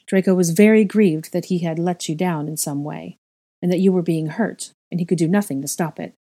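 A woman's voice: on the low side, dark tone, no echo, studio quality. Woman reading as a wise portrait witch. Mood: earnest. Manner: earnest, measured.

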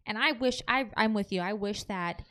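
A woman's voice: mid-range voice, normal speed, fairly bright tone, clean tone. A young woman co-hosting a casual podcast chat, recounting scenes and slipping into quoted voices. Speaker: podcast co-host. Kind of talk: casual chat recapping a reality show.

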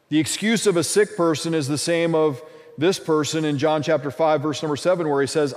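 A man's voice: on the high side, fairly even intonation, a little fast, big-room sound. A man preaching a sermon as lead pastor, building up with repeated phrases for emphasis.

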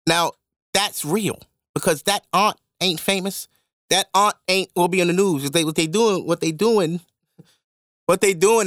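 Podcast host, male, high-pitched, animated profane rant, dry close sound. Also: no room sound. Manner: animated, profane ranting with swings into loud mock outbursts. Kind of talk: casual monologue.

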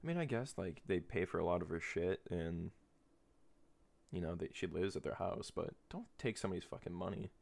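A man's voice: low-pitched, moderate pace, creaky, a little mellow. A man in his twenties rambling casually on a podcast, swearing freely and laughing often. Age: 20s. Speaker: podcast host.

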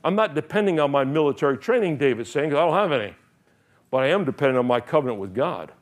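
A middle-aged pastor preaches with a fairly high, lively voice and a fast pace. He animatedly retells Bible stories, acts out the characters' lines and laughs frequently.

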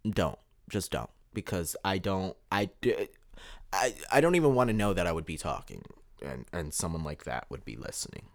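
Male podcast host, indignant and impassioned, lively swinging pitch, stumbles and repeats. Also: normal speed. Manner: fired-up, indignant, restarts and repeats words.

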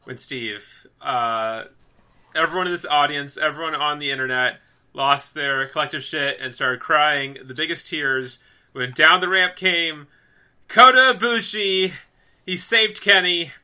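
A man co-hosting a casual podcast, his voice very bright and cutting. He gushes and gets carried away, stringing thoughts together with "like" and dropping curses freely. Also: medium pitch, a little slow. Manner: excitable, gushing, heavy use of "like", swears freely. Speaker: podcast co-host.

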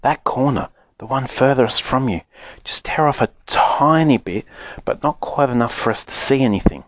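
Man doing a quiet earnest little boy, high and soft, dry sound. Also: lively intonation, moderate pace, no echo, natural voice. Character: earnest young boy, gentle and hesitant.

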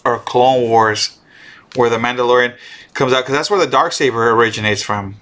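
A man chatting casually and excitedly about a show episode, swearing and restarting often. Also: mid-range voice, moderate pace. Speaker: streamer co-host. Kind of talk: casual show recap chat.

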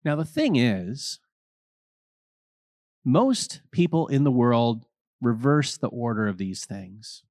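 A middle-aged priest preaching a homily at an unhurried, deliberate pace. His voice sits at an ordinary pitch, and he tells personal stories in a thoughtful, reflective way. The sound is close and dry, with no room echo. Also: very animated, a little mellow. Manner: slow, reflective, personal storytelling.

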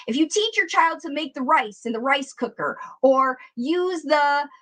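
A woman with a high, bright voice talks straight to her viewers as a speech therapist coaching parents. Her delivery is earnest and encouraging, and she keeps calling out to the audience as ladies and gentlemen. Her tone stays clear and lifted throughout. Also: lively intonation, a little slow, poor audio. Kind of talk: direct-to-camera coaching talk.

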